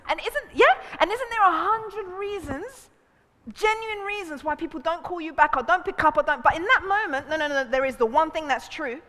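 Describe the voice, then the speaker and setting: In a seminar room full of long hall reverb, a woman with a very high-pitched voice leads a relationships seminar at normal speed. She speaks animatedly, acting out quoted voices and laughing frequently.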